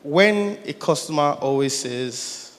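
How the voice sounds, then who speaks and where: A man from the audience asks a question at a conference and tells his story in an animated way, with laughing asides. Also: fairly high pitch, takes it slowly. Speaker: audience member asking a question. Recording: hall with long reverb.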